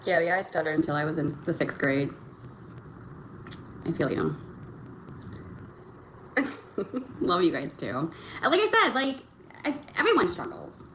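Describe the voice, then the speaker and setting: Young woman, livestream host, lowish voice, halting rambling delivery, echoey room with faint noise. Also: sing-song, a bit bright. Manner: rambling, halting, full of fillers and restarts. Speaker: livestream host reading chat. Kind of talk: casual livestream chat. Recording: roomy echo, faint background noise.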